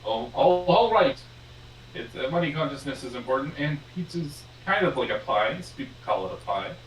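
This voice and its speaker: A young man playing a tabletop game, joking around with an animated manner. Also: a little high, normal speed, reverberant, slight background noise, poor audio. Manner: animated, jokey, slips into silly voices. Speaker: player. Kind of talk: casual chat while playing.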